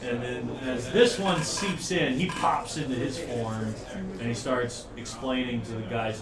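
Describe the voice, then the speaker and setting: Pria pemandu permainan, suara bergema dari jauh. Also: male voice, mid-range voice, lively intonation, measured pace, echoey room, far from the mic, crowd noise. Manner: loose, rambling, laughs often. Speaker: dungeon master. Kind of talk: narrating a tabletop game.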